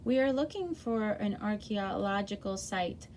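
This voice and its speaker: A woman's voice: mid-range voice, expressive, unhurried, darkish tone, slight background noise, lightly acted. Woman reading as an earnest storybook dad.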